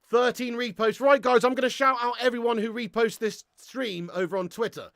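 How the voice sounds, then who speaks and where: A young man hosting a live football watch-along, excitable and sweary, ranting and chatting with his viewers. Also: extremely high pitch, normal speed, hardly any pauses, no echo, studio quality. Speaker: host of a fan watch-along stream.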